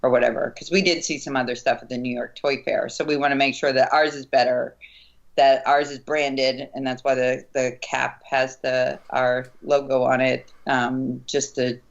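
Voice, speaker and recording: A woman's voice: rumbling low, little pitch movement, moderate pace, gravelly. Earnest woman on a muffled line. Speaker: guest, entrepreneur. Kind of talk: casual interview chat.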